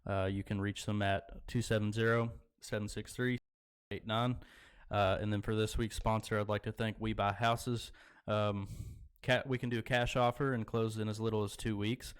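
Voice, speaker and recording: A laid-back man, speaking in a fairly low, smooth and clear voice. He chats casually on a podcast and laughs easily. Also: flat delivery, normal speed, hardly any pauses. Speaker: podcast co-host. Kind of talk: casual chat.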